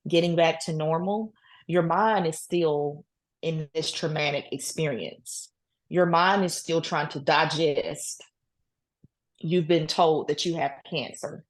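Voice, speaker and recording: A woman guest in an interview, telling her story earnestly with many "you know"s. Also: low-pitched. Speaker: guest, cancer survivor. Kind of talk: casual interview talk.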